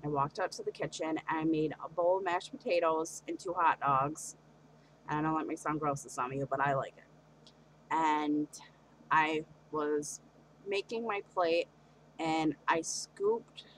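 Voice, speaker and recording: A woman's voice: low voice, a little hiss or hum, poor audio. A young woman talking through a personal confessional vlog, hesitant and earnest, with many fillers and restarts. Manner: earnest and open about her feelings. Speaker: vlogger.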